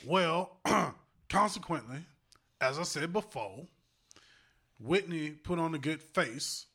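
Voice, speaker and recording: A man doing a slow, preachy politician's oration. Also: a little high, animated, sharp tone, breathy edge, heavily acted. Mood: solemn. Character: impression of a famous older male preacher-politician.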